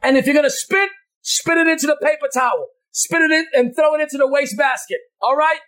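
A man preaching at a deliverance service, shouting commands and repeating himself emphatically, breaking into tongues. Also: extremely high pitch. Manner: rapid commanding repetition. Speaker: preacher leading a deliverance session. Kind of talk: charismatic sermon.

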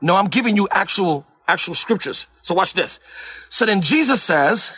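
Emphatic husky high-voiced male preacher. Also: expressive, normal speed, bright, forceful tone, dry recording. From Puerto Rico. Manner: emphatic, repeats phrases for emphasis. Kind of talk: sermon-style teaching.

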